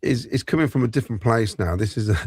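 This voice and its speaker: A man on a football fan podcast panel, talking in a measured way and leaning on "you know". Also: medium pitch, a little mellow, husky, no echo, clean studio sound. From England. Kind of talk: casual fan podcast chat.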